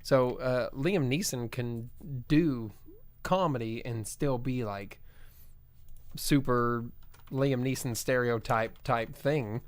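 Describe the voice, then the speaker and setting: Brief: easygoing male co-host, mid-pitched, dry close recording, lots of fillers. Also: takes it slowly, dry recording. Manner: laid-back, filler-heavy, says "bro". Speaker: podcast co-host. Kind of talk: casual live-show chat.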